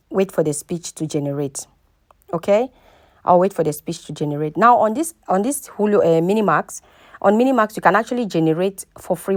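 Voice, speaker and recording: A woman's voice: on the low side, dry recording, studio quality. A woman hosting a casual step-by-step tutorial. She repeats herself often and keeps checking in with the viewer. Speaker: tutorial host. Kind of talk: casual screen-recording tutorial.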